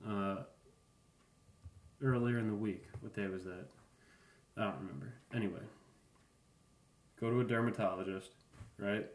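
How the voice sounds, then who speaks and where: A reverberant room carries the lowish voice of a podcast host in his thirties. He rambles through a casual, comedic monologue, offhand and deadpan, tossing in profane asides.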